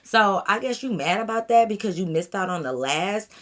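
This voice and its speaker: A young woman vlogger telling a story casually, in an animated way, acting out her friends. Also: medium pitch, normal speed. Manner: animated, acts out friends' voices.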